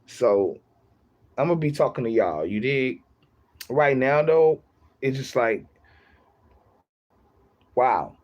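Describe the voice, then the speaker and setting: A man's voice: mid-range voice, lively intonation, slow pace, pauses often, a little mellow. A young man chatting casually on his livestream, rambling, repeating himself and laughing often.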